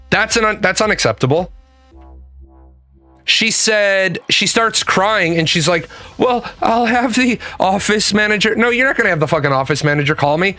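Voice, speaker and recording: A podcast host with a high, pushed, bright voice tells an exasperated, profanity-filled story about an argument over a missed appointment. He acts out both sides of the phone calls.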